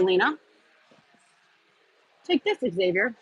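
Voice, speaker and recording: A woman with a lowish, husky voice hosts a casual livestream at a moderate pace, rambling between topics and answering viewer comments as they come in. She's scattered, uses lots of fillers, and trails off often. The sound is lo-fi.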